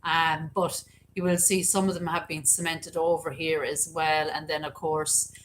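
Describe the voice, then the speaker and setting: A woman's voice: sits low, little pitch movement, normal speed, fairly bright tone, slight background noise, low-quality recording. A woman with an Irish accent chatting enthusiastically as co-host of a live stream, reading and answering viewer messages. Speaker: co-host of a cemetery channel live chat. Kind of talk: casual live-stream chat.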